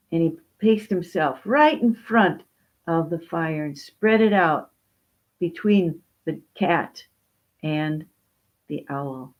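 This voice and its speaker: Brief: a woman reading a children's story, expressive and unhurried, lo-fi sound. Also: deep voice.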